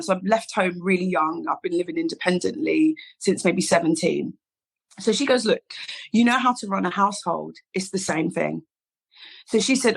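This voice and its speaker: Fairly low in pitch with vocal fry, this woman is a London-accented guest in her thirties who works as a hairdresser and founded a salon. Chatting casually in an interview, she tells stories and impersonates those she quotes. The audio is poor.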